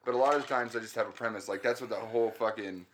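A man's voice: lowish voice, steady tone, very fast, slight background noise. A man chatting casually as a stand-up comedian, rambling through his thoughts with restarts and swearing. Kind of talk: casual chat.

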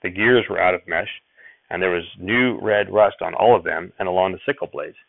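Man, audiobook narration, steady first-person telling, dry close sound, phone-like tinny audio. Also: sits low, normal speed, vocal fry, dry recording.

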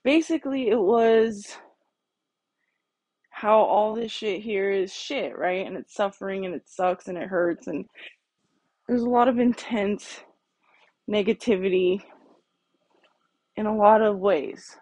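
A woman's voice: mid-range voice, slow pace, long pauses, a little mellow, no room sound. A woman hosting a podcast, talking casually and bluntly on her own in a garage, swearing heavily as she rants. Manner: blunt, heavily profane, ranting. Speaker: podcast host. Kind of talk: casual solo monologue.

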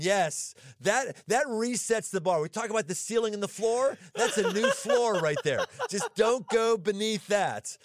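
A man hosting a podcast as a pastor, talking in an energetic, jokey way and laughing readily. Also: sits high, a little slow, few pauses, dry recording, clean studio sound. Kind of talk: casual interview chat.

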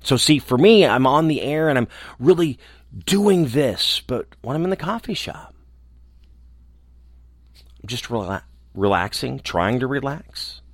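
Male host, reflective monologue, earnest, trailing soft endings, mid pitch, dry small room. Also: very animated, measured pace, pauses often, no echo. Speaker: radio host. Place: small room alone with a microphone.

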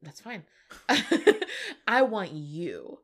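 A woman's voice: mid-range voice, lively intonation, normal speed, bright, forceful tone. A woman co-hosting a podcast, giggly and swearing freely as she recaps a TV episode in casual chat. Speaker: podcast co-host.

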